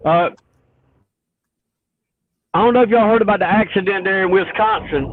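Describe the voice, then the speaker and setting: Caller: southern trucker, higher male voice, earnest, heard over phone line. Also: normal speed, no room sound. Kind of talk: casual phone chat.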